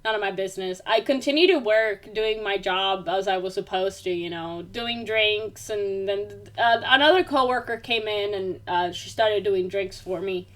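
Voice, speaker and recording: A woman's voice: medium pitch, measured pace, few pauses, fairly bright tone. A young woman vlogging in a casual, rambling way, full of fillers, turning heated and emphatic as she vents. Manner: rambling, many fillers, grows heated and emphatic when ranting. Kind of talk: casual venting monologue.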